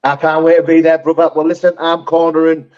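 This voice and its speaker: A man's voice: fairly high pitch, flat delivery, a little fast, a little mellow, smooth, highs cut off. A man hosting a live chat, talking in a heartfelt, sweary, rambling way with many restarts. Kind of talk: casual live-stream chat.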